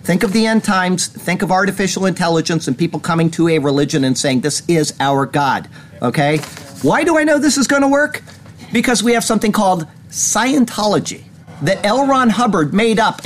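High-voiced rambling male host. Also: a little hiss or hum. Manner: rambling, animated storytelling with laughs. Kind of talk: casual news commentary.

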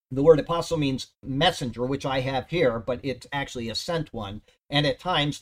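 A man teaching a Bible study verse by verse in an emphatic, conversational way, often checking in with "okay?". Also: medium pitch.

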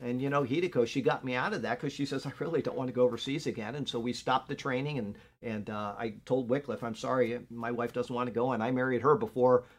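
A man's voice: medium pitch, steady tone, fast talker, hardly any pauses. An older man teaching a Bible class in an earnest, conversational way, often checking in with his listeners. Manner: conversational, earnest, frequent "okay?" check-ins.

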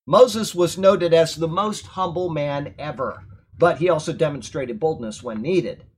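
Male Bible study teacher, husky, slightly high pitch; reads scripture then explains it. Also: a little slow. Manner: explains verse by verse, reading then commenting.

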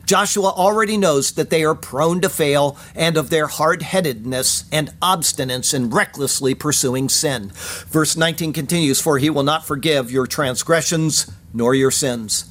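A man with a slightly high voice delivers a careful verse-by-verse sermon. He reads Hebrew phrases and then explains them, leaning hard on key words. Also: a bit bright. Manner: measured, explanatory, stresses single words. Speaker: pastor.

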